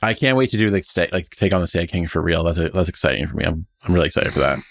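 A low-pitched man talking casually about a tabletop campaign, rambling and restarting as he goes. His voice sounds dry and close, with no room echo. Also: animated, rapid-fire, gravelly. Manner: rambling, many restarts, enthusiastic. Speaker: player.

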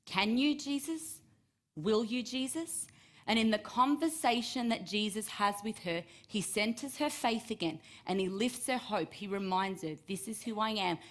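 A woman's voice: medium pitch, moderate pace. A woman preaching, reading and retelling a scripture story and acting out the quoted voices with rising emphasis.

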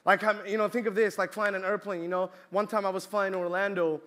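A young man from Colombia preaching a sermon, telling a lively personal story with bursts of shouting. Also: high-pitched, fast talker.

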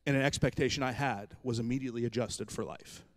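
Male pastor, thirties, storytelling sermon, animated, self-mocking humor, mid pitch. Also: fast talker.

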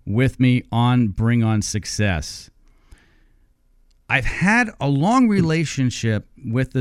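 A man's voice: fairly low pitch, no room sound, clean studio sound. A man hosting an interview podcast, chatting with enthusiasm and laughing easily as he introduces his guest. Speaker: podcast host. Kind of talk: interview chat.

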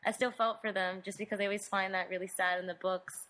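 A woman co-hosting a podcast, talking casually and chattily with quick restarts. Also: mid-range voice, level tone, fairly bright tone. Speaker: podcast co-host. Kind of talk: casual chat.

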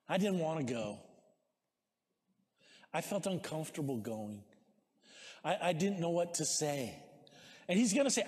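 A male pastor preaching a sermon, exhorting the congregation, calling for amens and shouting at the peaks. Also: fairly high pitch, very animated, unhurried, long pauses. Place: church sanctuary. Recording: long reverb of a large hall.

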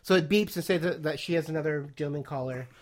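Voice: medium pitch, fast, a little mellow. A podcast co-host retelling TV scenes in a casual, rambling way with many fillers. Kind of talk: casual chat about a TV show.

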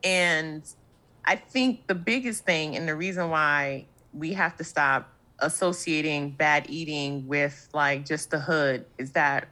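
A woman's voice: low voice, slow pace, pushed and bright. A woman with a New York accent, a comedian guest chatting casually and acting out other people's voices in her stories. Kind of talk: casual storytelling chat.

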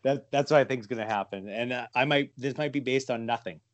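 A man's voice: mid-range voice, fast, dry recording, dull audio. A man chatting casually as a podcast co-host, rambling and profane, poking fun at himself. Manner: rambling, profane, self-mocking theorizing. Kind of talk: casual chat.

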